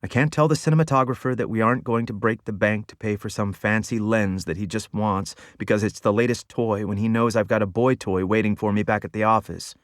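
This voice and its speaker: A man's voice: on the low side, fairly even intonation, a little fast, hardly any pauses, no room sound, studio quality, close to an everyday voice. A man voicing a stern, guarded older woman who works as a film producer in an audiobook, speaking in a clipped way. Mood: defensive. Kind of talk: audiobook narration.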